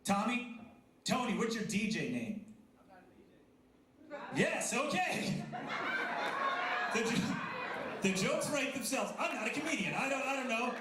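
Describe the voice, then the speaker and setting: A man's voice: sits high, very noisy. A man in his thirties doing a chatty, self-deprecating stand-up comedy set, bantering with the crowd. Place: coffee house stage with a live audience. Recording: echoey room with audible crowd.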